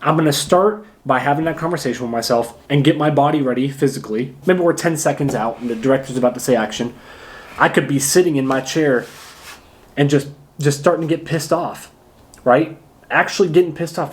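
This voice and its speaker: A man acting coach giving a casual lesson to camera, energetic and emphatic, often pausing to demonstrate. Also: on the high side. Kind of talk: casual instructional talk to camera.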